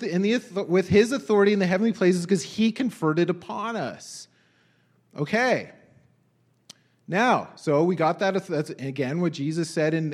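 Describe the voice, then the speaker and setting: A young man preaching a sermon, reading scripture aloud and exclaiming in wonder as he questions his listeners. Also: high voice. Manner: animated, exclaims and asks the congregation questions.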